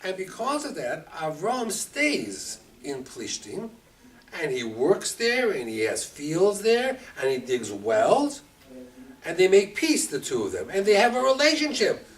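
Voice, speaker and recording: A rabbi teaching a Torah class, lively and expressive, acting out the quotes and mixing in Hebrew terms. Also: male voice, sits high, unhurried. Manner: animated, acts out quotes, mixes Hebrew terms. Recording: distant mic with faint room ambience.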